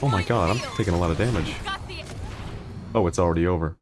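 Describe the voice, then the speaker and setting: A man's voice: sits low, fast talker, loud music behind the voice. A man streaming a video game, chatting casually, laughing often and poking fun at himself. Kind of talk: casual gaming commentary.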